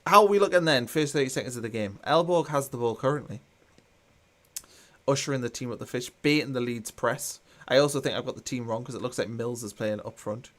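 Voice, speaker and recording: With a medium-pitched, fairly bright voice and a slightly fast pace, a man hosts a live football watchalong. He keeps things casual, reading out viewer comments with dry, mild sarcasm.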